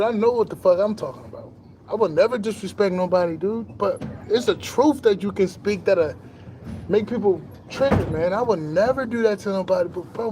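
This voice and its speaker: A young man talking casually to camera in a boastful, animated monologue full of slang and swearing, laughing now and then. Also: high voice, slight background noise. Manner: laughs between lines. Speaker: spiritual vlogger.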